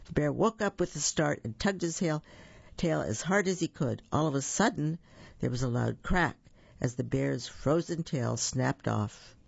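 A man reads children's stories aloud in a friendly way, correcting his own slips. His voice is gravelly, husky and dry, on a dull, lo-fi recording. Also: a little high, lively intonation, measured pace, no echo. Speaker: storyteller. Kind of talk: reading storybooks aloud for children.

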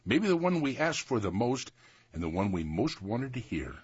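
A man recites a holiday poem with a lively sing-song swing, his husky voice leaping up and down. The recording is a little dull. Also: mid-range voice, moderate pace. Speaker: grown child reminiscing. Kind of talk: reading poem aloud.

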